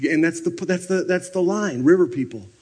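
A man giving a sermon at a retreat, animated, swinging between loud bursts and hushed near-whispers. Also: high-pitched, normal speed, slightly rough. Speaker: retreat speaker. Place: retreat meeting room.

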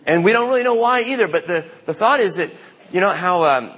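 A man's voice: high-pitched, lively intonation, a little fast, fairly bright tone, slightly rough. A man preaching a sermon as pastor, telling stories in a conversational way and acting out the quotes he tells. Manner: conversational storytelling with acted-out quotes. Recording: long reverb of a large hall.

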